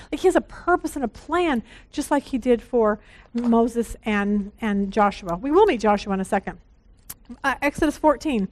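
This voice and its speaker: A woman leading a women's Bible study, reading scripture aloud and chatting about it in a casual, lively way. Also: high-pitched. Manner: chatty and animated, laughing, reading verses aloud.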